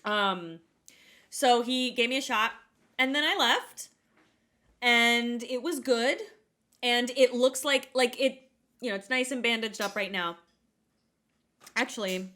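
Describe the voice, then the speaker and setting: Young woman co-host, bright and slightly high voice, lively self-mocking storyteller. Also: slow, pauses often. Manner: animated, self-mocking, acts out quotes. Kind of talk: casual storytelling chat.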